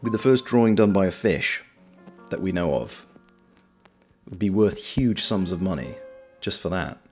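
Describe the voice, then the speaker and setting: A man's voice: low-pitched, lively intonation, moderate pace. A man hosting a casual livestream, chatting and reading viewer messages aloud. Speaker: livestream host. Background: soft lo-fi background music.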